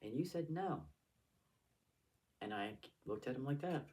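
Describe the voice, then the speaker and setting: A tearful middle-aged woman vlogging a raw emotional monologue to her father, swinging between loud anger and hushed whispers. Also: very deep voice, lively intonation, measured pace. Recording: voice a bit far from the mic.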